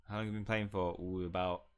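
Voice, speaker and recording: Brief: gaming streamer, jokey and rambling, lowish voice. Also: male voice, clear, resonant tone. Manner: jokey, rambling, chats with viewers. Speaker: game streamer. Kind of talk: casual livestream commentary.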